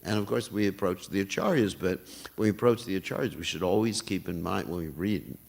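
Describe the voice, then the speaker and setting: An older man giving a morning temple class, talking in an animated way and laughing often. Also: low voice, brisk, gravelly. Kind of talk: sermon. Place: temple hall.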